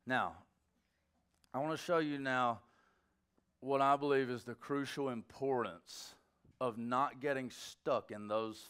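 A middle-aged male pastor giving an informal sermon, telling stories in a conversational way with sudden bursts of excitement. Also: medium pitch, clear, resonant tone.

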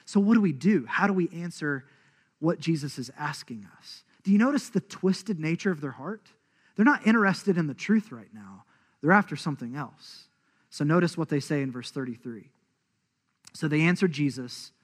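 Man, sermon, animated preaching, slightly high voice. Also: normal speed. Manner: animated, acts out quoted voices. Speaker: pastor.

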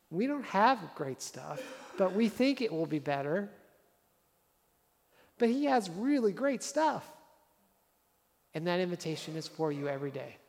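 A male pastor with a high, slightly mellow voice preaches a sermon, and the recording has a long reverb tail. He is conversational and earnest, hammering his points home with repeated phrases.

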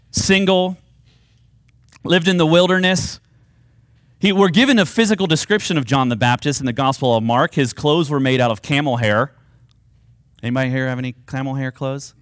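A man preaching a sermon, earnest and emphatic, with dramatic pauses on key phrases. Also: on the high side, a bit bright, no room sound, studio quality. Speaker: pastor.

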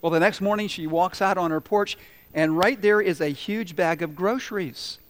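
A man's voice: high-pitched, normal speed. A man preaching a sermon, telling humorous stories and asking the congregation questions. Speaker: pastor.

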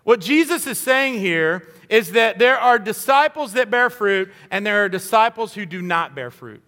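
A man's voice: sits high, expressive, moderate pace, sharp tone, big-room sound. A man preaching a sermon in an earnest, conversational way, acting out little quoted voices as he goes. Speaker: pastor.

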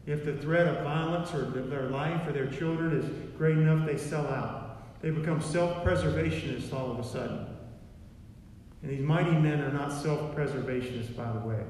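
A man's voice: fairly high pitch, darkish tone, slight background noise. A man preaching a sermon in a repetitive, emphatic way, recorded in a church. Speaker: pastor. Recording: echoey hall from far off.

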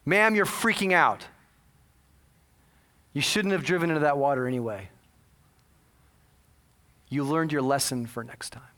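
A man's voice: a little high, a little slow, pauses often, pushed and bright. A man voicing a cold, dismissive woman emergency operator who scolds the caller, within a sermon. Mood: scolding. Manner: curt, dismissive. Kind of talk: sermon storytelling.

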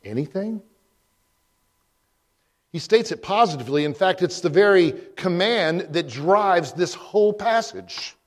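A man preaching a sermon as pastor, posing emphatic rhetorical questions with frequent pauses. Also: high-pitched, lively intonation. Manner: slow, deliberate delivery with frequent pauses.

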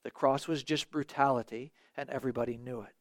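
A man's voice: medium pitch, fairly even intonation, a little fast, dry recording. A man preaching a sermon in an earnest way, asking rhetorical questions and sometimes restarting his words.

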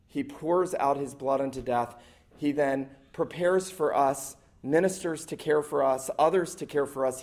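A man's voice: mid-range voice, darkish tone. A man preaching a sermon to a church congregation as the pastor, earnest and emphatic, stacking up short repeated phrases.

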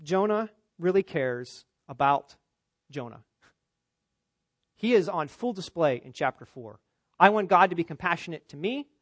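A man preaching an expository sermon, emphatic, climbing for stress and dropping low for asides. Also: fairly bright tone, no echo. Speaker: pastor.

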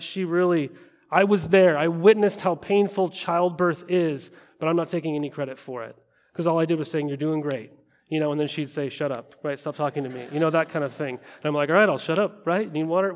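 A man's voice: a little high, a little mellow. A middle-aged male pastor preaching a conversational sermon, often asking his listeners questions.

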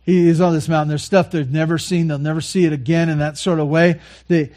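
A man preaching a sermon, earnestly repeating key phrases and moving between quiet, soft lines and louder passages. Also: a little high, little pitch movement, brisk. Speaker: pastor.

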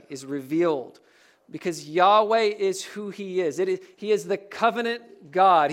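A man with a fairly high voice preaches a sermon from the pulpit. He puts questions to the congregation and shifts his pace and volume to stress key words. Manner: varies pace and loudness for emphasis. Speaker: pastor.

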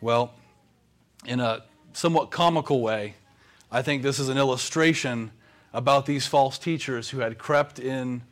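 A man, a pastor, preaching a sermon with measured pauses. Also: medium pitch.

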